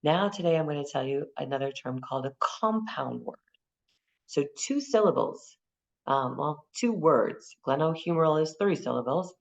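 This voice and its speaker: A woman teaching an anatomy class for massage exam prep, lively and repeating key terms and memory aids. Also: sits low, measured pace, gravelly, lo-fi sound.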